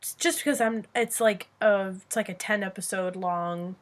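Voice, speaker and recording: A woman's voice: mid-range voice, moderate pace. Giggly young woman podcast host. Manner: giggly, excitable, drawls filler words. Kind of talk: casual chat.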